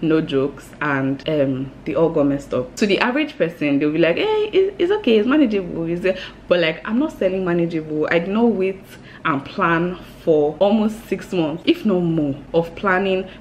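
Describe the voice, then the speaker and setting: Woman in her thirties, home vlogger, low and lively, lots of laughter. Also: moderate pace, slight background noise. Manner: bubbly, excitable, laughs often. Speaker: vlogger and new business owner. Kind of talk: casual vlog chat to camera.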